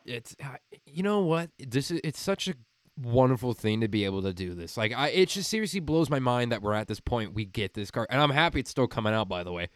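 A man hosting a podcast, chatting casually and reading an ad with quick enthusiasm and the odd swear. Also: mid-range voice, sing-song, dry recording. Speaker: podcast host. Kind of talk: casual podcast chat and read ad.

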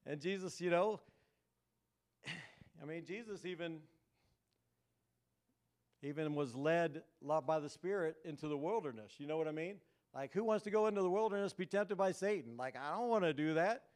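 Male pastor, relaxed conversational sermon style, clear and smooth. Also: fairly high pitch, normal speed, long pauses. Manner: conversational, joking, asks the crowd "right?". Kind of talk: casual sermon.

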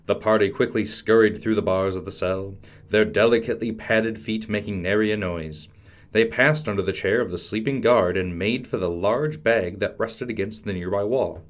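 Man narrator, low voice, measured dramatic storybook reading, podcast host.

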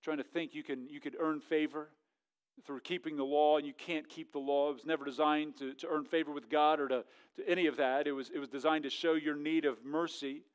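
Middle-aged male pastor with a high, light voice, preaching a lively, joking sermon in church. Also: fairly quick, smooth. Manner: jokey, animated, swings from loud to hushed. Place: church sanctuary.

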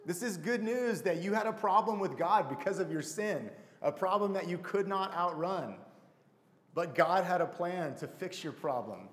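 A man preaches a sermon in a conversational style and keeps turning questions back to his congregation. His voice sits a little high. The sound carries the long reverb of a large church hall. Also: animated, normal speed. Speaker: pastor. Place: church sanctuary.

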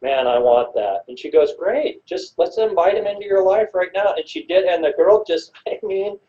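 A man host in casual conversation, earnest and sometimes slowing his words. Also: sits high. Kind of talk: casual chat. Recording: dull, muffled sound.

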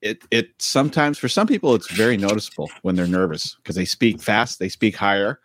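A man's voice: lowish voice, animated, fairly quick, fairly bright tone, slight background noise. A man co-hosting a podcast, telling loose, rambling stories full of fillers. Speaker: podcast co-host. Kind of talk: casual podcast chat.

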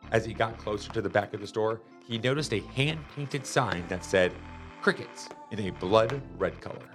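A man reading a children's chapter book aloud in a lively, expressive storytelling manner. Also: lowish voice, moderate pace. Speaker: storybook reader. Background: music.

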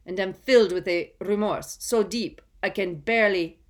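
A woman's voice: medium pitch, moderate pace, voice pushed up, close to an everyday voice. A woman voicing a frightened, unctuous middle-aged male prisoner pleading before a council in a storybook reading. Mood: breathless, eager.

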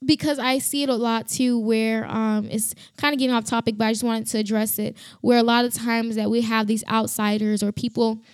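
A woman's voice: fairly high pitch, level tone, brisk, few pauses, darkish tone, smooth, dry recording, studio quality. A woman hosting a faith podcast, giving a fervent, emphatic devotional talk with frequent restarts.

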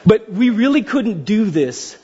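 Pastor guy preaching, high husky voice, jumps all over the place, kinda muffled recording. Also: a little slow. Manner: animated, joking, acts out little dialogues. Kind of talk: sermon.

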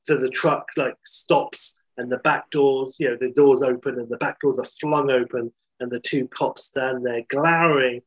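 Man, husky voice, casual rambling storyteller, animated, mid pitch. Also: moderate pace, hardly any pauses, rough recording. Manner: animated, rambling, filler-heavy.

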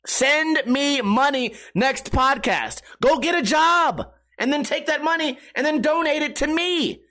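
A young man hosting a casual podcast, profane and animated, bursting into loud shouts. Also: extremely high pitch, unhurried. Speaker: podcast host. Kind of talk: casual rambling chat. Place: at home.

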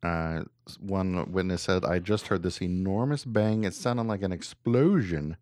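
A man's voice: deep voice, a little slow, no room sound, studio quality. A man co-hosting a casual podcast, joking and reading news stories aloud with frequent "uh" fillers. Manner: relaxed, joking, reads articles aloud with filler "uh". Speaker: podcast co-host.

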